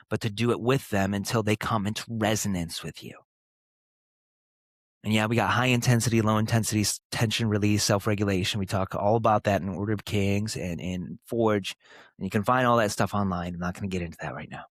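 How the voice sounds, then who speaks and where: Male podcast host, thirties, low voice, earnest and emphatic, dry close sound. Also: no room sound. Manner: earnest, emphatic, with pauses and short punchy phrases. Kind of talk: motivational podcast monologue.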